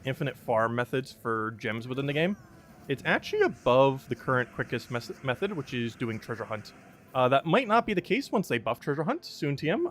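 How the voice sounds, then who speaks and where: Lively chatty young man streaming a game. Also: mid-range voice, slight background noise. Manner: chatty, laughs often, many fillers. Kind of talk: casual live-stream commentary.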